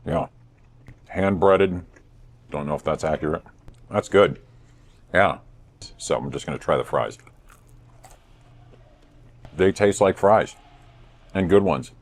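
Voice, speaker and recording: A man in his thirties hosting a casual food review vlog, playful and self-mocking with deadpan jokes. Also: deep voice, slow pace, pauses often. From United States. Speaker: host.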